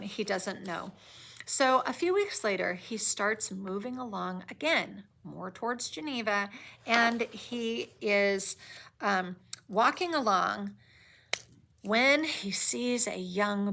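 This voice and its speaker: A woman's voice: mid-range voice, vocal fry, pushed and bright. A woman teacher recapping a novel chapter, reading passages aloud and adding conversational asides to the listener.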